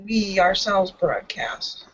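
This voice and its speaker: Casual, dry player voice, middle pitch, muffled call sound. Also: sing-song, takes it slowly, fairly bright tone. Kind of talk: playing a character in a tabletop game.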